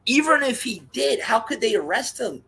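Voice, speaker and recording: A man's voice: extremely high pitch, animated, moderate pace, creaky, a crowd in the background. A man co-hosting a casual talk show, mostly reacting briefly to the main host. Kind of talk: casual chat.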